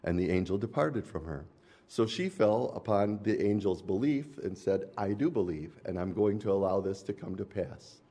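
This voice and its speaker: A man's voice: on the low side, lively intonation, moderate pace, mellow. A man preaching a sermon, explaining scripture in an earnest teaching tone.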